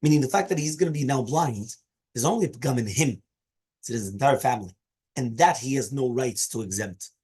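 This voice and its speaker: A man with a mid-range, slightly mellow, husky voice teaches a daily Talmud class a little fast, explaining each Aramaic phrase in English. He mixes Hebrew and Aramaic terms into his English and keeps checking in with "right?" and "okay?".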